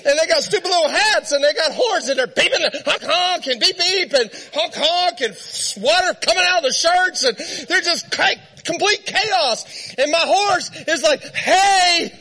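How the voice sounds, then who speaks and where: A man preaching with a strikingly high voice that rings bright and forceful. He tells a comic story in his sermon and keeps it lively, laughing as he goes. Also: normal speed.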